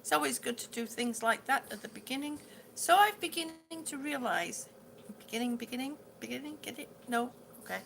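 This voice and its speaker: A high-pitched, gravelly middle-aged woman chats live with her viewers in a bright voice. She rambles, repeats herself and trips over words, laughing it off, over a faint background hiss. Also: animated, fairly quick. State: ringing in the ears, yawning, hungry. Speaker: livestream host reading viewer comments. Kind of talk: casual live chat with viewers.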